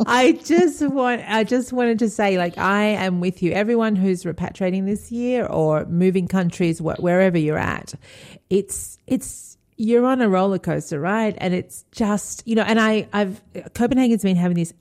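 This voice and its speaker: A woman's voice: mid-range voice, moderate pace, darkish tone. An Australian woman co-hosting a podcast over a video call, telling stories in casual chat and laughing at herself. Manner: chatty storyteller, laughs at herself. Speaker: podcast co-host.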